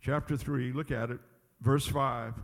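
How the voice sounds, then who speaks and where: A man's voice: mid-range voice, steady tone, unhurried, gravelly. A man preaching a sermon in a church, emphatic and repetitive, pressing the congregation with call-and-response lines. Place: church sanctuary. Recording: long hall reverb in a church.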